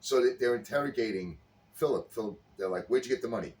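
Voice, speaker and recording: A man's voice: medium pitch, quick pace, a little mellow. A man in casual chat, animatedly retelling a sitcom scene and acting out the characters' lines. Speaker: podcast co-host. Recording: slightly distant mic with faint background noise.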